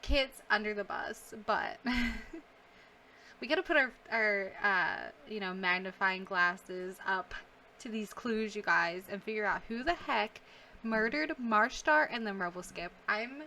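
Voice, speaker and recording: Young woman, fairly high voice, bright tone, emotional game commentary, gasps and sighs. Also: slow, long pauses, slight background noise. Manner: emotional, reacting aloud with gasps, sighs and laughs. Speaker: gaming YouTuber. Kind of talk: casual let's-play commentary.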